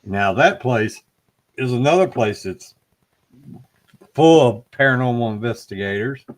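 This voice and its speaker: A man's voice: medium pitch, expressive, measured pace. Middle-aged man, podcast co-host, casual storyteller who swears and acts out voices. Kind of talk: casual chat. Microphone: live stream call.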